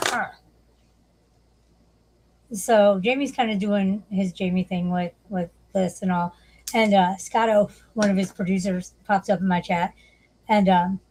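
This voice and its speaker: A woman's voice: medium pitch, darkish tone, a little hiss or hum, rough recording. A woman hosting a livestream, chatting casually, swearing often and laughing as she talks. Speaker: livestream host.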